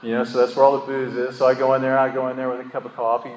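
A man's voice: medium pitch, monotone, rapid-fire. A man shares his story with a recovery group in a loose, rambling way, full of fillers and self-mocking chuckles. His voice rings through a large, reverberant hall. A faint background hum sits under it. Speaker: speaker sharing his story at a recovery meeting. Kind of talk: candid personal storytelling. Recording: echoey hall with faint ambient noise.

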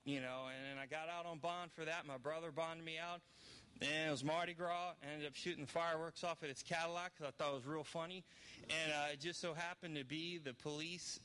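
This is a middle-aged man from New Orleans sharing his story before a recovery crowd. His voice rides a touch high and sounds bright and forward. He wanders through it candidly, poking fun at himself. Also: slight background noise. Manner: candid, rambling storyteller with self-deprecating humor. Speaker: recovery speaker. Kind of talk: personal testimony to an audience.

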